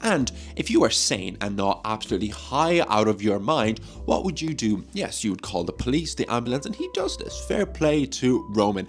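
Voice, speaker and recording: A man's voice: mid-range voice, sing-song, moderate pace, gravelly, few pauses, faint music behind. A man chatting casually in a movie vlog, joking and swearing freely, recorded on a phone mic. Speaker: movie review vlogger.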